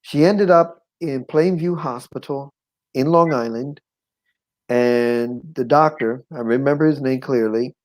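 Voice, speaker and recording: Animated middle-aged man telling his story. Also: medium pitch, measured pace, low-quality recording. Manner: animated, acts out quoted voices, chuckles often; conversational with frequent "you know what I'm saying". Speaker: guest sharing his life story. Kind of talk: personal testimony, storytelling.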